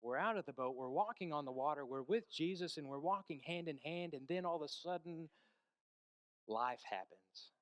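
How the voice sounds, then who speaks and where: A man preaching a sermon, telling a story with hushed stretches and emphatic peaks and asking the congregation questions. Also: a little high, lively intonation, normal speed, clean tone, no room sound.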